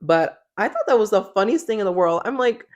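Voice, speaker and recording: A woman's voice: medium pitch, big pitch swings, fairly quick, lo-fi sound. A young woman co-hosting a podcast in casual chat, giggly and full of fillers. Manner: chatty, giggly, lots of fillers and "like". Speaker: podcast co-host.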